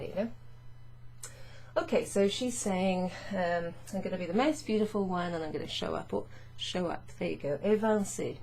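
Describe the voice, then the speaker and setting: A woman teaching French grammar in a patient, chatty way, reading French phrases slowly and explaining them. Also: lowish voice, a little mellow, slight background noise. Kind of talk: casual explanatory lesson.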